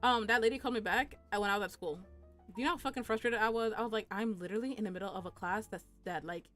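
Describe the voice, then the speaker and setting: A young woman telling a casual, profane storytime about her job while streaming, animated and chatty, jumping into high squeaky voices when she quotes people. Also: rapid-fire, soft background music.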